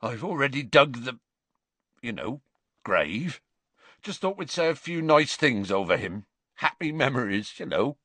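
A man voicing a huge, soft-hearted gamekeeper who speaks in rough rustic dialect, choked with grief and tears. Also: mid-range voice, big pitch swings, a little slow, no room sound, pitched above the performer's own voice, full character voice.

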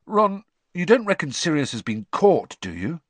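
A man's voice: fairly high pitch, very animated, moderate pace, no echo, pitched above the performer's own voice. A man voicing an anxious teenage boy who asks questions hesitantly. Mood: worried. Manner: worried and hesitant.

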